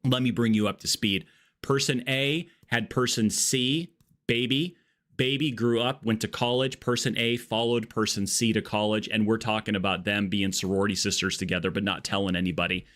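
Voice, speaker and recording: A man's voice: on the low side, steady tone, normal speed, a bit bright. A man streaming a game live, chatting casually in a rambling, jokey way that drifts off on tangents. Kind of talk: casual live-stream chat while gaming.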